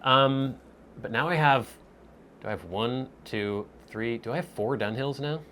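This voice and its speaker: A man's voice: mid-range voice, measured pace, a bit bright, a little hiss or hum. A man hosting a casual question-and-answer video, thinking aloud and searching for words with small restarts. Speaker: host answering viewer questions. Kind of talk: casual Q&A vlog.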